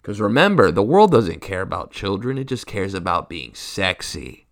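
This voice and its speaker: A man doing a crude stand-up rant, his pitch swinging lively from line to line. He rambles, swears constantly and keeps tossing out rhetorical asides to the crowd. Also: moderate pace. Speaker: comedian.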